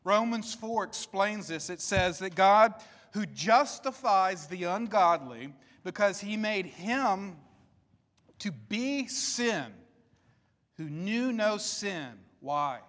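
A man delivers a sermon from the pulpit of a church sanctuary, his fairly high voice rising and falling in an emphatic, repeating cadence. He speaks slowly and leaves dramatic pauses between phrases. The sound carries a long, reverberant hall tail. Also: lively intonation, fairly bright tone. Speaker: pastor.

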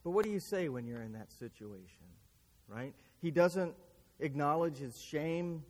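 A male preacher with a notably high voice delivers a sermon slowly and earnestly, leaning on rhetorical questions as he retells a scripture story. His words ring out with a long reverb, as if he is recorded in a large hall. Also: animated, darkish tone.

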